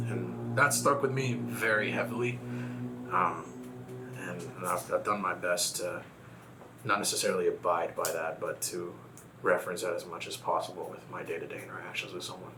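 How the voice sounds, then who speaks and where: A man's voice: low-pitched, fairly even intonation, normal speed, background noise. A man from Texas, a guest in a casual conversation, talking reflectively and telling a personal story.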